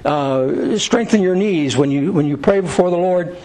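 A man's voice: high voice, normal speed, mellow, low-quality recording. A man leading an informal Bible study, reading verses aloud and then explaining them in plain conversational words. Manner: reads scripture aloud then paraphrases it conversationally. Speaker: Bible teacher.

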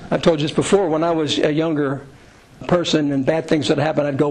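A middle-aged man delivers a sermon in a relaxed, conversational way. His voice sits a little high for a man. He voices the prayers he quotes with a lift in pitch. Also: brisk, a little hiss or hum, rough recording. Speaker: pastor.

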